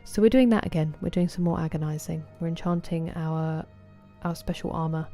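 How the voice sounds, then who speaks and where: A woman with a southeast English accent chats easily with her live viewers while playing, greeting them one by one. Her voice sits fairly low and sounds mellow and relaxed, and soft music plays faintly underneath. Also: fairly quick. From southeast England. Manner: chatty and friendly, greeting viewers by name. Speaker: game streamer. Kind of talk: casual chat with live viewers while gaming.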